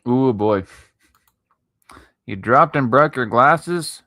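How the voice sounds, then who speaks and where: A man chatting casually with his viewers while he draws late at night, sleepy and yawning, swearing freely, talking to chat between long pauses. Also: medium pitch, animated, pushed and bright, dry recording. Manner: laid-back, swears a lot, talks to chat between pauses. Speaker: art streamer.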